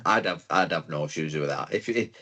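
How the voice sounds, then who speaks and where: Low-voiced runner. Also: male voice, normal speed, sharp tone, slightly rough. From north-west England. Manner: laughs easily, stumbles and repeats words. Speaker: podcast guest, marathon runner. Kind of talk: casual podcast chat.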